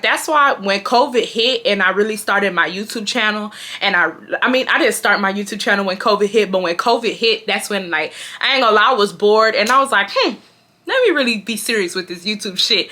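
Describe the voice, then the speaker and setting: Young woman, bright forceful voice, slangy, emphatic, casual storytime. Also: mid-range voice. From Houston, Texas. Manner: animated, slangy and emphatic, addresses viewers as y'all. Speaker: YouTuber.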